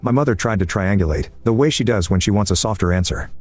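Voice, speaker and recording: Male narrator, steady scripted reading, brisk delivery, slightly low register. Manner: even, measured reading with dry similes. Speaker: story narrator. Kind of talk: scripted first-person story narration. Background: faint background music.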